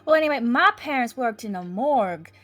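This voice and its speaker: A woman's voice: fairly high pitch, brisk, loud music behind the voice. A woman in character at a tabletop game, rambling with many fillers and giggles. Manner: rambling, giggly, bright and lively. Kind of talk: in-character role-play chat.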